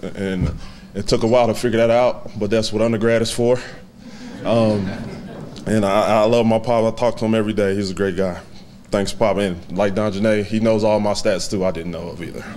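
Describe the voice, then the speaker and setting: Low-voiced man giving an emotional acceptance speech. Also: fairly even intonation, darkish tone. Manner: heartfelt, halting, close to tears with small laughs. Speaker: hall of fame inductee.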